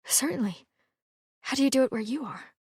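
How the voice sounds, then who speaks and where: A woman voicing an anxious former housekeeper who speaks in a breathy, hushed whisper. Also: high voice, animated, fairly quick, no echo, clean studio sound, pitched above the performer's own voice, exaggerated voice.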